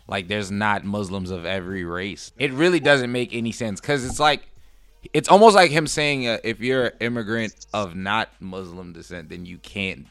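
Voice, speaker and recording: Earnest low-voiced American man. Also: moderate pace, no echo. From United States. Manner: earnest, rambling, lots of "like". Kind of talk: casual political chat.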